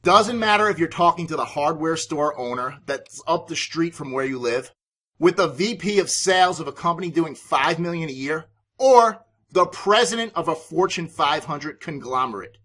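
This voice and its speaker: A man's voice: fairly high pitch, lively intonation, moderate pace, a bit bright. A man hosting a business podcast, giving sales advice in an emphatic, authoritative way. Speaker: podcast host and sales coach.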